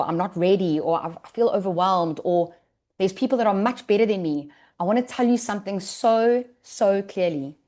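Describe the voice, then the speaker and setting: A woman with a slightly low voice gives an emotional, sincere thank-you speech on a business training call. She speaks earnestly and sounds close to tears. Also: darkish tone. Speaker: wellness business leader sharing her success.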